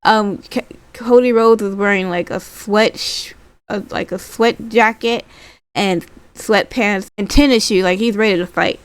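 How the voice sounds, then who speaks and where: Woman vlogger, casual wrestling recap, smooth mid-pitched voice, dry close sound, rambling delivery. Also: a little slow, no echo. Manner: chatty, rambling, lots of fillers; acts out quotes in a lively voice.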